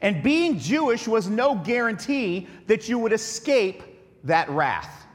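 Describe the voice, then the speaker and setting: A man's voice: high-pitched, very animated, takes it slowly, big-room sound. A man preaching a sermon as pastor, joking and conversational with his congregation.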